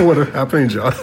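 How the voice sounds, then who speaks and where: A man's voice: fairly high pitch, breathy edge. Giggly Canadian man co-hosting a podcast. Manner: laughs often, rambling with many fillers. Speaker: podcast co-host. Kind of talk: casual chat.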